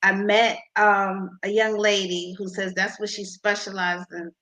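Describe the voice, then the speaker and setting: A woman being interviewed about her invention, talking with many pauses and restarts. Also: mid-range voice, little pitch movement, bright, forceful tone, poor audio. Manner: halting, many ums and restarts. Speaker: inventor guest.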